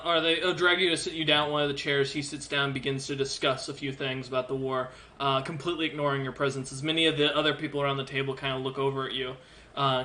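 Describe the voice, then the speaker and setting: Bright-voiced male game master. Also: a little high. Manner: casual, halting, many fillers. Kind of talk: narrating a tabletop game.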